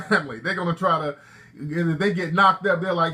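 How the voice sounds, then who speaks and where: A man's voice: on the high side, fairly quick, sharp tone. Brash joking talk-show host, man. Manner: brash, joking, street slang, lecturing callers. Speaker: show host taking calls. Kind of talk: call-in talk show banter.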